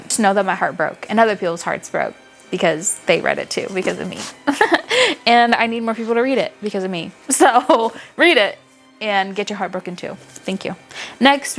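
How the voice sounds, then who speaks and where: A young woman reviewing books in a casual, animated chat, gushing and swearing freely. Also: medium pitch. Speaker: book reviewer.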